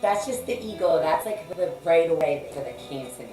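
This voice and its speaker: Deep-voiced woman rambling casually. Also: lively intonation, normal speed, dark tone, reverberant, far from the mic, faint music behind, low-quality recording. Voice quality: deep, throaty. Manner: rambling, restarts, swears freely. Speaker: guest musician. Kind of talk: casual chat.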